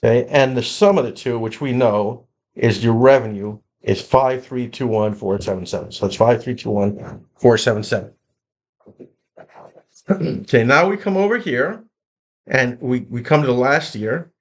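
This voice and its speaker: A man's voice: mid-range voice, moderate pace. A man teaching an accounting lesson, explaining spreadsheet entries in a conversational way with frequent repeats and restarts. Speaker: accounting instructor. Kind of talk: screen-recorded lecture walkthrough.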